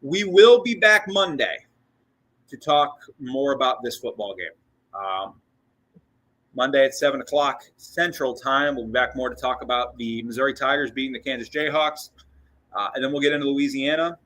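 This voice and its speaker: A man with a bright, forward voice talks through a casual postgame show as its host. He rambles excitedly, restarting sentences and doubling up on words, and he sounds a bit out of breath. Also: mid-range voice, moderate pace, poor audio. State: short of breath. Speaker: sports podcast host.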